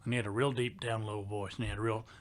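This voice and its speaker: A man's voice: on the low side, level tone, rapid-fire. A young man in his twenties, co-hosting a casual podcast, telling a story animatedly and laughing often. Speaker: podcast co-host.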